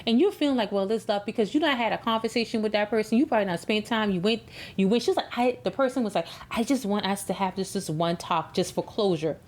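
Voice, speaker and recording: A woman's voice: mid-range voice, quick pace. Emphatic woman tarot reader, preachy. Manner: emphatic, preachy, repeats words. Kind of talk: tarot reading monologue.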